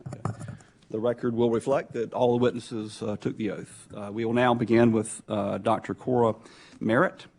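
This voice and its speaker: A man chairing a congressional hearing, introducing witnesses in a loose, halting way. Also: mid-range voice, little pitch movement, gravelly, a little mellow, husky. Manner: halting, loose, with many hesitations. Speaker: subcommittee chairman.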